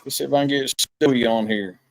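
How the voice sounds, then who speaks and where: A man's voice: medium pitch, fast, creaky, dry recording. A man hosting a podcast as a casual live-stream chat. He jokes in a folksy, plainspoken way. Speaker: podcast host.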